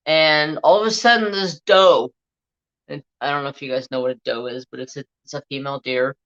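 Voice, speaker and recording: Man, livestream host, casual storytelling, animated and profane, bright tense voice, dull lo-fi audio. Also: high-pitched. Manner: animated, profane, rambling anecdote. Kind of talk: casual live-stream storytelling.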